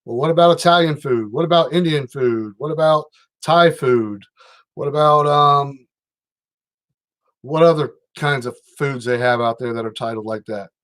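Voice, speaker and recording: A man's voice: mid-range voice, normal speed, a bit bright. Rambling man chatting on a livestream. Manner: rambling, reads out viewer comments. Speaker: livestream host. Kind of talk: casual livestream chat.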